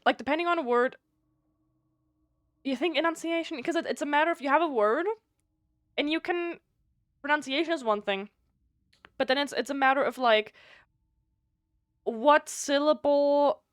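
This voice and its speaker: Woman, German native speaker, live game streamer, a bit high-pitched, reads aloud and chats, trips over words. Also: brisk, pauses often, no echo, clean studio sound. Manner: stumbles over words and restarts often; chatty, thinks out loud.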